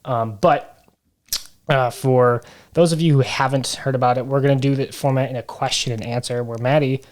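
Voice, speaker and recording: A man's voice: mid-range voice, darkish tone. Man hosting a casual podcast chat. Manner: explanatory and teasing, with halting fillers. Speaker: podcast host.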